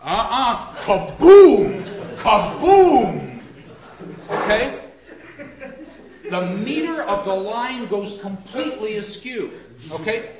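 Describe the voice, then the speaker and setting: A man lecturing on literature, theatrical and animated, drawing out quoted lines slowly and with heavy emphasis. His voice sits a bit high for a man. The sound is dull and lo-fi, echoing around a lecture room. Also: crowd noise.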